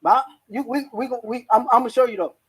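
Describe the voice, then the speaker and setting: A man's voice: very high voice, fast talker, fairly bright tone, slightly rough, low-quality recording. A man, a professional boxer, talking in a laid-back way on a video call, stammering a little and pushing back. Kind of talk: heated call with a trainer. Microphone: video call audio.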